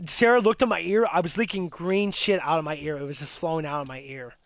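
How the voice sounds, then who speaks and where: A man's voice: a little high, fast, no room sound. A young man telling a ghost story in casual chat, rambling with many restarts and fillers. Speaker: host.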